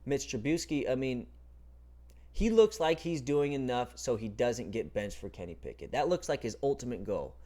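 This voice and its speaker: Young male sports host, mellow tone, mid-range voice; energetic, profane, opinionated solo recap. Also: medium pitch, normal speed. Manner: energetic, swearing, opinionated rants. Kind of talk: casual solo football recap.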